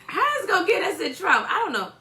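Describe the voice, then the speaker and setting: Woman co-host, bright tone, casual and teasing, talks to viewers from home. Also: very high-pitched, very animated, very fast. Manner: greets viewers by name, chatty and teasing. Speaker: co-host of a church livestream. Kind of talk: casual livestream chat.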